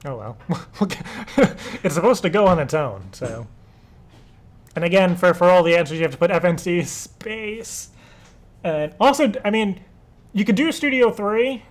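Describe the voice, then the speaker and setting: A man's voice: sits high, animated, a little slow. A young man hosting a live stream, talking casually and nervously, swearing and laughing often. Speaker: live show host.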